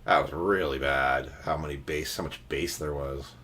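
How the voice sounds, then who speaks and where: A man's voice: extremely low pitch, fairly even intonation, normal speed, sharp tone. A man hosting a trading card break livestream, chatting casually and teasing his viewers.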